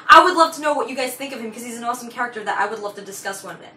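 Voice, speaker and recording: A woman's voice: fairly high pitch, racing, bright, forceful tone, slight background noise. A woman YouTuber flubbing her video intros, giggling and exclaiming as she restarts her lines. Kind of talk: blooper reel of vlog intros.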